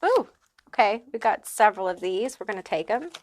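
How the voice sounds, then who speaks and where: A woman's voice: medium pitch, big pitch swings, fairly quick. A woman giving a casual pick-a-card tarot reading, chatty and emphatic, with frequent fillers. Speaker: tarot reader.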